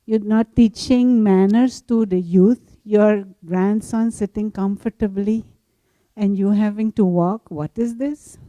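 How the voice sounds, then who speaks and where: A woman's voice: mid-range voice, steady tone, slow pace, mellow, no room sound, dull audio, close to an everyday voice. A woman doing indignant street philosophers. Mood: scolding. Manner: scolding, indignant questions. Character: nosy street philosophers scolding a passerby.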